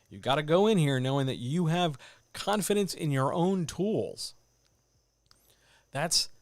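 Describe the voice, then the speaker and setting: A man coaching writers in a livestreamed talk, animated and addressing listeners directly, with muttered asides to himself. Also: on the high side, no echo. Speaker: writing coach. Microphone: desk microphone.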